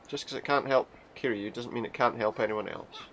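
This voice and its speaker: A man's voice: medium pitch, huge pitch swings, a little fast, creaky, fairly bright tone, a little hiss or hum. A man hosting a let's play, joking casually and reading game dialogue aloud. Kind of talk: casual gameplay commentary.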